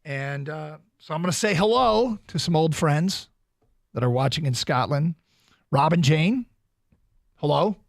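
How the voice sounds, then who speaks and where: A man's voice: fairly high pitch, expressive, unhurried, vocal fry, long pauses, no echo, clean studio sound. A man hosting a sports radio show, chatting casually and rattling off plugs with fillers. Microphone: studio microphone.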